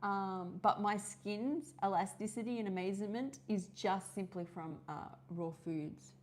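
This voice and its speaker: A woman's voice: medium pitch, measured pace. An Australian woman hosting a casual live-stream chat, rambling and chatty with many fillers and restarts. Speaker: host of a live wellness session.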